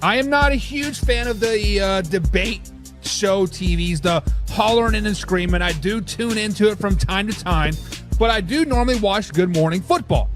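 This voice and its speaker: A man hosting a live sports talk show, reading fan comments and ranting in a casual, animated way. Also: high-pitched, moderate pace, music in the background.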